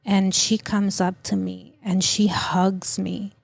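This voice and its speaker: Woman, middle-aged, podcast guest, halting emotional testimony, gravelly, dry room. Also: medium pitch, level tone, dry recording. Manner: emotional, halting storytelling with many fillers. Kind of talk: personal testimony in an interview.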